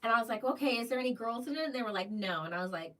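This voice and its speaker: A woman's voice: fairly high pitch, animated, very fast, sharp tone, far from the mic, low-quality recording. A woman co-hosting a casual live-stream show, telling stories in a chatty, giggly way. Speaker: co-host of a live cruise show.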